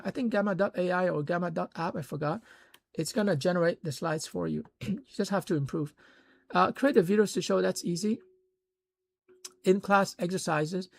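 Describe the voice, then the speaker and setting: A man with a gravelly, creaky edge explains course building in a loose, conversational way. He fills gaps with "you know" and "uh" and grows louder when he stresses a point. The sound is dry and close. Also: high voice, no echo. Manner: conversational, many fillers, emphatic bursts. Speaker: course creator teaching online. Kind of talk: casual instructional talk.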